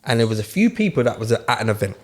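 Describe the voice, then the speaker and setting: A man, co-hosting a casual group chat and telling stories with animated, rising outbursts. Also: mid-range voice, fast talker. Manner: animated storyteller, laughs and raises his voice. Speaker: podcast co-host.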